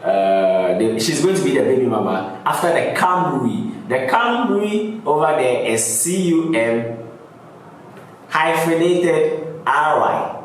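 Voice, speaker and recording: A man's voice: medium pitch, expressive, slow, distant mic. A man hosting a music reaction, casually explaining rap lyrics line by line and laughing often. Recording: roomy echo, off-mic, faint background noise.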